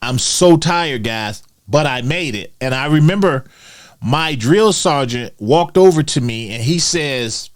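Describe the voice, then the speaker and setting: A man's voice: fairly high pitch, big pitch swings, measured pace. A man vlogging, telling a personal story in a chatty way and calling his viewers "guys". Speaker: finance vlogger.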